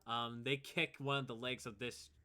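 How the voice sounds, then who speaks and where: A man narrating as game master for a tabletop game. His voice sits at an ordinary middle pitch, and he talks in a relaxed, loose way with frequent chuckles. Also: normal speed.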